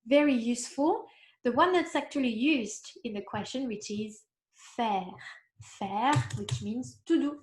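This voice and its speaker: A woman with a French accent teaches an online language lesson in an encouraging tone. Her voice sits a little high. The recording carries a noticeable room echo. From France. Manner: encouraging, asks rhetorical questions, slows down to model pronunciation.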